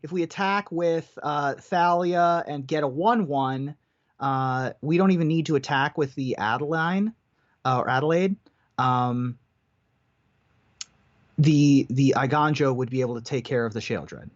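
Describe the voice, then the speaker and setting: A man's voice: fairly high pitch, unhurried. A man commentating a card game tournament live, giving analytical play-by-play. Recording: dull lo-fi stream audio.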